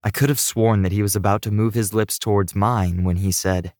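Low-voiced male audiobook narrator. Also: steady tone, a little fast, darkish tone, no echo, clean studio sound.

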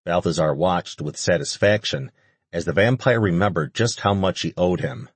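A man reading an audiobook as narrator, in a steady, measured way. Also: low-pitched, husky, no room sound. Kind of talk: scripted narration.

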